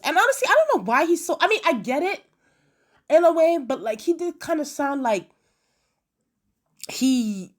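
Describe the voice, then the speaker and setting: A woman in a casual episode review, chatty and animated, acting out quotes with lots of fillers. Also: high-pitched. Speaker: video reviewer.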